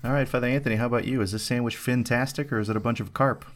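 Man, podcast host, playful, punning, storyteller, even middle voice. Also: mid-range voice, rapid-fire. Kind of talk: comedic food review podcast chat.

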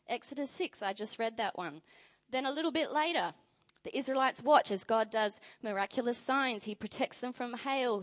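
A woman preaching a sermon in a conversational way, reading scripture aloud with lively emphasis. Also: on the high side.

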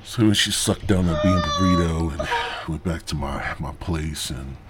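A man's voice: very deep voice, moderate pace, heavy background noise. A man hosting a podcast, rambling through a crude, profane comic story in a stoned drawl. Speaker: podcast host.

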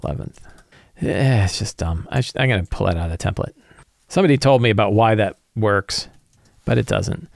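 A man's voice: fairly low pitch, fairly quick, gravelly, no room sound, studio quality. A man game master talking through his prep on his own, rambling and thinking aloud with lots of fillers. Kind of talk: solo game-prep talk.

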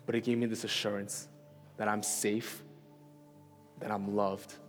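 A man's voice: fairly low pitch, little pitch movement, measured pace, long pauses. A man giving a sermon, telling a personal story in a casual, conversational way and often checking in with "right?". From New York. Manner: conversational, self-deprecating storytelling with frequent "right?". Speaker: preacher. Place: church hall. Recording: reverberant hall with soft music.

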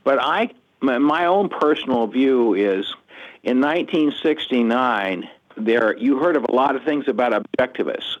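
A man's voice: medium pitch, lively intonation, a little slow. Older man, earnest, muffled lo-fi audio. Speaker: guest author. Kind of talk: conversational interview answers.

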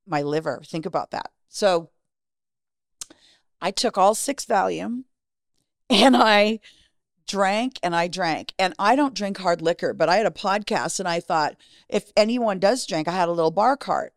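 A woman's voice: medium pitch, lively intonation, unhurried, dry recording, clean studio sound. A middle-aged woman, a podcast guest, candidly telling a personal story in a frank, profane way and acting out the lines of the people in it.

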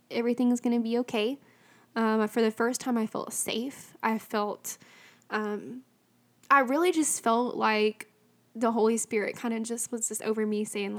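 A young woman with a slightly high voice recounts a personal faith testimony. She talks casually with many fillers and sounds emotional and close to tears.

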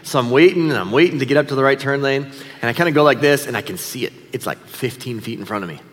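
A middle-aged pastor preaches a sermon, telling a personal story in a conversational, self-deprecating way. His mid-range voice is fast and fairly bright, and the recording has a long hall reverb.

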